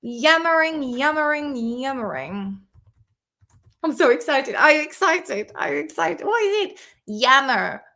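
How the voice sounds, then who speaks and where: Woman English teacher, slow-paced, giggly and chatty, live-stream lesson. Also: high-pitched, lively intonation, vocal fry, pushed and bright. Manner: chatty, giggly, laughs often. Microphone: desk camera mic on a makeshift stand.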